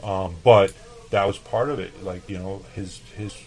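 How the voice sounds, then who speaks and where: A chef from El Paso, Texas, appears as a podcast guest, swapping casual, profane stories and acting out old conversations in a laid-back way. His low voice has fairly even intonation, a slightly slow pace, and a mellow quality, though the audio is poor.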